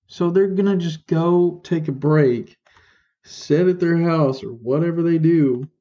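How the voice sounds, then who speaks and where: A man's voice: fairly high pitch, warm tone, dull audio. A young man hosting a podcast, ranting in a frustrated, exasperated way and correcting himself as he goes. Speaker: podcast host. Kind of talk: casual ranting commentary.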